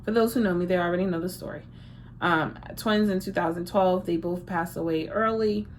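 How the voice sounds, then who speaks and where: A woman's voice: lowish voice, steady tone, a little fast, slight background noise. A woman in her thirties giving a casual spiritual tarot reading, emphatic and repetitive, with frequent restarts. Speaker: tarot reader.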